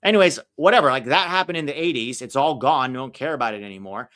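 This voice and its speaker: A man's voice: mid-range voice, lively intonation, fast talker, fairly bright tone. Opinionated man ranting over a live match. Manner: opinionated, ranting, reacting to play. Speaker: livestream watch-along host. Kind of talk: casual live match commentary.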